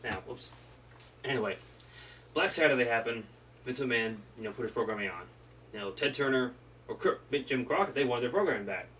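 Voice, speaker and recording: A man's voice: medium pitch, lively intonation, fairly quick, long pauses, a bit bright. A man co-hosting a casual wrestling history chat, rambling loosely and swearing now and then. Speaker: podcast co-host. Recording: distant mic with faint room noise.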